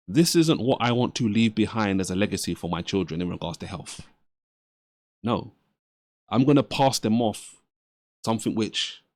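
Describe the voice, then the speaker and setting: Low-voiced man preaching over a clip. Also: no room sound. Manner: earnest, preacher-like, asks and answers his own questions. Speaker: reaction channel host.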